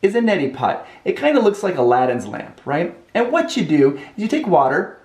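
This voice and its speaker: Animated storytelling man, echoey room. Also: a little high, normal speed. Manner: animated and expressive. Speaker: vlog host. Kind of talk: comedic storytelling vlog.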